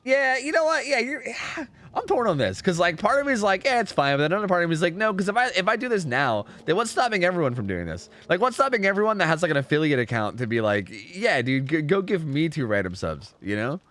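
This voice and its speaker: A fast-talking man with a high voice hosts a live game stream, chatting casually and explaining the match rules. He sounds animated and rambling, packing his speech with fillers.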